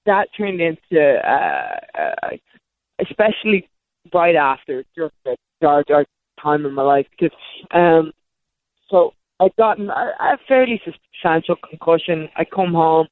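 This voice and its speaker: A woman's voice: sits low, big pitch swings, unhurried, no echo. Woman talking over a tinny line. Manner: rambling, self-correcting restarts. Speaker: interview guest. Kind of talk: candid storytelling. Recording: tinny phone-like line, dry.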